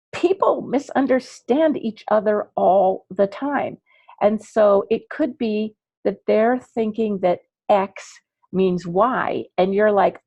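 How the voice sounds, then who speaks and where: A woman coaching parents in an online class, chatty and animated, acting out little dialogues as she explains. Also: medium pitch, vocal fry, no echo, dull audio. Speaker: ADHD coach teaching parents.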